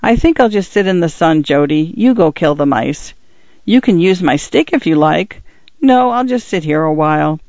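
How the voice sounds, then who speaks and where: A man voicing a gentle, wistful old pioneer. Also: a little high, expressive, normal speed, no echo. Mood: tired. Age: older. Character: old male pioneer grandfather, proud and hurt. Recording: dull lo-fi dry recording.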